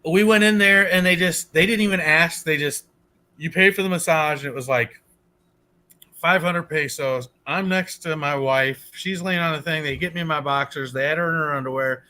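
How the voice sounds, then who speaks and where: High, bright-voiced man telling wild anecdotes. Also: moderate pace. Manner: animated, exaggerated anecdote telling. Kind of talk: casual chat.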